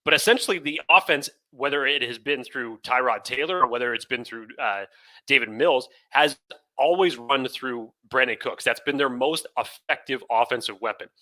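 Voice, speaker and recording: Very bright-voiced podcast co-host man. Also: medium pitch, normal speed. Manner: chatty, laughs at bad news. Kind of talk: casual sports podcast chat.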